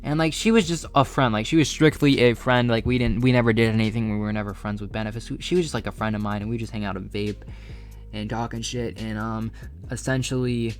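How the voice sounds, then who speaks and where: Young man, quick rambling storyteller, profane and loose, over faint music. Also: on the low side, fairly even intonation. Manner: rambling, profane, filler-heavy. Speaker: storyteller vlogger. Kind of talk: casual storytime monologue.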